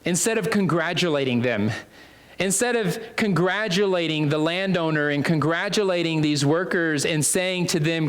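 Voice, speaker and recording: A man's voice: fairly high pitch, moderate pace. A man preaching a sermon in a conversational way, full of fillers and restarts, repeating phrases for emphasis.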